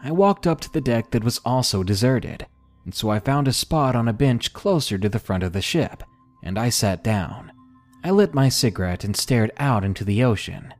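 A man narrating a scary story in slow, expressive storytelling. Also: medium pitch, soft background music. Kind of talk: scripted horror story narration.

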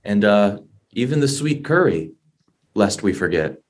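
A man's voice: fairly low pitch, big pitch swings, measured pace. A man on a podcast panel, chatting casually and rambling with lots of fillers. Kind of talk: casual chat.

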